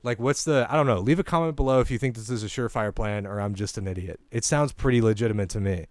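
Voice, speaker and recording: Young male podcast host, low voice, dry close sound, loose rambling delivery with chuckles. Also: fast, a little mellow, no echo. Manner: casual, meandering, chuckles at own jokes, irreverent. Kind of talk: rambling comedy podcast monologue.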